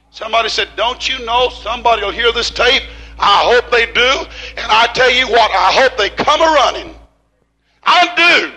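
High, bright-voiced fiery preacher man. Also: poor audio. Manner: preaching with rising shouts and slow emphatic repeats. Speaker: pastor. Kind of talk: fiery sermon.

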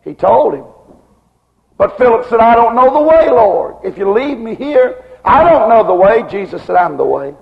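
A man preaching with a high, gravelly voice, his sermon rolling in rhythmic waves of repeated rhetorical questions. The sound is muffled, and a long reverb from a church hall trails after each phrase. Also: lively intonation, moderate pace.

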